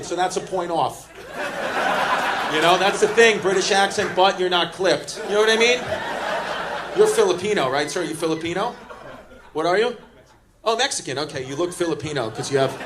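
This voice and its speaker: Guy doing stand-up crowd work, cocky and teasing, kinda high voice, noisy live club recording. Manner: brash, teasing, quick jokes to audience members. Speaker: stand-up comedian. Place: comedy club stage. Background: audience laughter.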